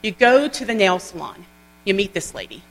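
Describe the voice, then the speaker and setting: A woman giving an animated, folksy motivational training talk to a group. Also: mid-range voice, moderate pace, faint music behind. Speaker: sales trainer. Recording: long hall reverb with mains hum.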